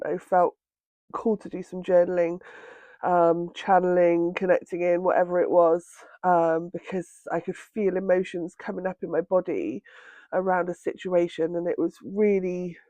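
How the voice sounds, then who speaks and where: A woman sharing a personal healing story at home, talking in a tender, halting way with many pauses, tearful with red, itchy eyes. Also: fairly low pitch, warm tone, no room sound. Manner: tender, halting, pausing often with ums. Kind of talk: reflective personal monologue. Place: indoors at home by a window.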